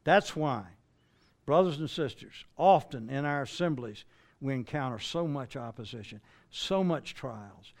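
A man's voice: medium pitch, lively intonation, unhurried, a little mellow. An older man preaching a sermon in a conversational way, asking listeners rhetorical questions and often restarting phrases. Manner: restarts and stumbles mid-phrase.

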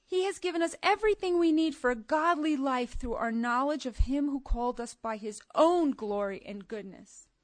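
Woman preacher, sermon to women, emphatic, swings soft to loud, highish voice, dry close sound. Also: normal speed, few pauses, no echo. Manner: animated and emphatic, jumping between soft asides and loud outbursts. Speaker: speaker at a women's gathering.

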